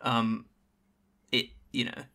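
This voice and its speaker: A man talks movies on a podcast in a loose, rambling way, restarting his sentences as he goes. His voice is gravelly yet bright. He hedges a lot, circling his point before landing it. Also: mid-range voice, little pitch movement, slow pace. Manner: rambling, hedging with many restarts. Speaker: podcast co-host. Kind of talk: casual film chat.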